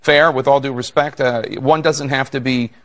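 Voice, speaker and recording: A male TV interviewer who speaks in a hesitant, polite, halting way. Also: medium pitch, fairly even intonation. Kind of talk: televised interview.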